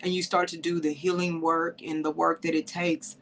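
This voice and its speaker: A woman's voice: sits low, little pitch movement, moderate pace, fairly bright tone, a little hiss or hum. A woman hosting a podcast in a livestream, talking to women listeners with heartfelt emotion and tears, saying y'all often. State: teary, sniffling. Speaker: podcast host.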